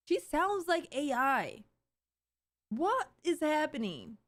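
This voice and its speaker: A woman with a high, bright-pitched voice reacting live on stream. She rants sarcastically, piling up fillers and restarts as she riffs on what she's watching. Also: very animated, takes it slowly. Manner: sarcastic, ranting, full of fillers. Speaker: streamer host.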